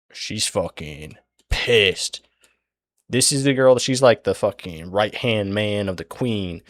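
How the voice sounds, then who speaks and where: A man's voice: fairly low pitch, a bit bright, no echo, studio quality. A young man casually retelling a story while he draws it, rambling, swearing and losing his place.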